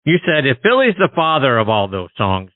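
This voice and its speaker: A man's voice: mid-range voice, sing-song, normal speed, dry recording. A man hosting an interview, asking prepared questions over call audio. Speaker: host. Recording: phone-like call audio, dry.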